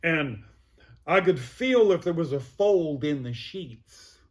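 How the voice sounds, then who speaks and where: A man's voice: a little high, lively intonation, slow. A man telling his own story as an interview guest, plainspoken and vivid. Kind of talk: personal recovery story.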